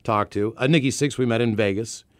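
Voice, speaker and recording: A man's voice: mid-range voice, brisk, no echo, clean studio sound. A man co-hosting a podcast, telling stories in a rambling way, correcting himself and laughing as he goes. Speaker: podcast co-host. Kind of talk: casual storytelling chat.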